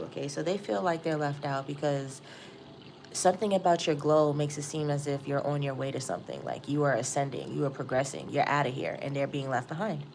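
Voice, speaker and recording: A woman doing a live tarot reading, chatty and excitable, calling her viewers y'all. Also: very deep voice, creaky, slight background noise. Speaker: tarot reader.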